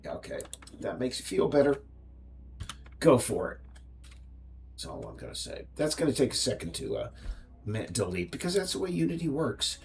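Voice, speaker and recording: A man's voice: mid-range voice, huge pitch swings, normal speed, creaky, pauses often, a little mellow, a little hiss or hum. An American man, a game developer, rambling and ranting on a casual livestream, with frequent restarts.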